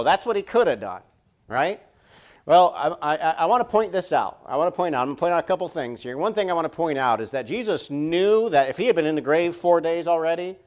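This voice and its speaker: A man preaching a sermon in a church, conversational and repetitive, full of rhetorical questions. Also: fairly high pitch. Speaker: pastor. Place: church sanctuary.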